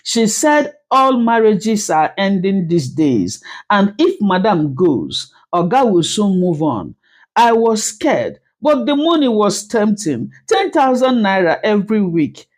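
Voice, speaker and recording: A woman's voice: medium pitch, very animated, slow pace. Woman playing a sobbing housemaid. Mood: tearful confessing. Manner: pleading, breaking into cries. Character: frightened young housemaid, sobbing and pleading.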